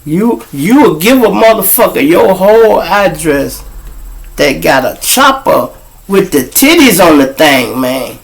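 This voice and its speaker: Guy, gravelly, slow-talking, cussing and roasting folks while telling stories live from outside. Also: on the high side, very animated. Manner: profane, blunt and mocking. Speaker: show host and storyteller. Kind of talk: street storytelling to a live audience. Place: outdoors.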